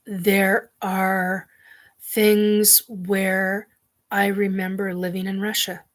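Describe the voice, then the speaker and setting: A woman hosting her own show, talking in a halting, earnest way as she searches for words. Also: mid-range voice. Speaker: show host. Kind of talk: personal monologue.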